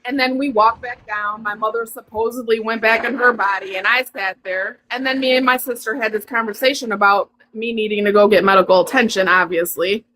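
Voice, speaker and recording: A woman calling in to a live show, telling an emotional personal story in a rushed, earnest, apologetic way. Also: on the high side, steady tone, sharp tone, a little hiss or hum, poor audio. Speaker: caller.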